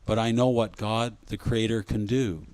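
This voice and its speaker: A man giving a spiritual talk at a conference, speaking gently and reflectively and often repeating his phrases. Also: fairly low pitch, steady tone, normal speed, no room sound.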